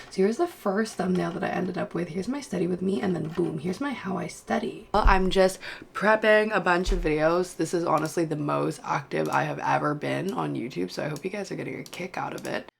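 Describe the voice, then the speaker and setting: A tired young Australian woman vlogs late at night at home, chatting and joking with her viewers in a casual study vlog. Her fairly low voice has vocal fry and a brisk pace, with a little hiss or hum in the recording.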